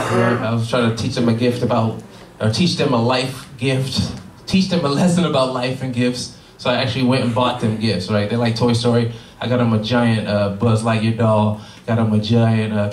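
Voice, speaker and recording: A man doing a stand-up comedy set, telling profane, animated stories with exaggerated voices to a live audience. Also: mid-range voice, slight background noise. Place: cannabis club comedy show before a live audience. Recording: roomy live room, distant mic, crowd laughter.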